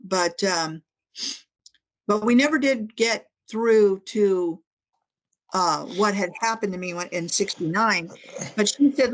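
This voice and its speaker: A woman's voice: medium pitch, slow pace, pauses often. Middle-aged woman telling a personal story. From Northern California. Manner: animated storytelling, quoting others in dialogue, frequent restarts. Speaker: author and UFO investigator, podcast guest. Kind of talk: casual interview storytelling.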